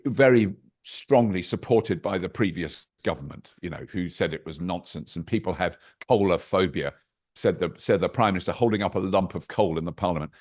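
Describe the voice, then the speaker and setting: Older man, deep-set voice, chatty and wry, telling stories on a video call. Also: normal speed. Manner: animated, anecdotal, with wry asides. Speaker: podcast guest. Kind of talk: casual interview chat.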